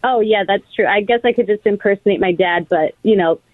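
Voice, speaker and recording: A woman's voice: mid-range voice, a little fast, no echo. A woman from Brooklyn calling in, chatty and self-assured. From Brooklyn, New York. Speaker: caller. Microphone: phone line. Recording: dry tinny phone line.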